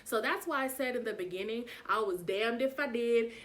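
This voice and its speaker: A young woman telling a storytime vlog, frank and swearing freely, acting out every bit of dialogue with big jumps in pitch. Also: moderate pace. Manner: animated retelling, acts out dialogue with pitch jumps.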